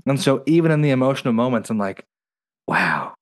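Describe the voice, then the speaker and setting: A man's voice: medium pitch, racing, a little mellow. A man co-hosting a casual podcast, telling stories animatedly and slipping into playful voices. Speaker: podcast co-host. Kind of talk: casual TV recap chat.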